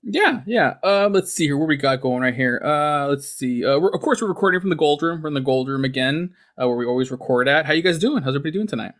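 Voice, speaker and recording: A man's voice: fairly high pitch, animated, fast talker, hardly any pauses, a bit bright. A man hosting a podcast in casual chat, rambling with lots of fillers and frequent laughs. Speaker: podcast host.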